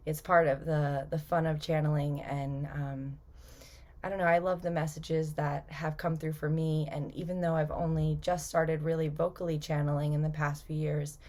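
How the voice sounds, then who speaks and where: Casual woman host speaking to her viewers; low, flat, unhurried delivery. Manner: chatty, with many fillers. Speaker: spiritual channeler and video host. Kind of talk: casual talk to camera.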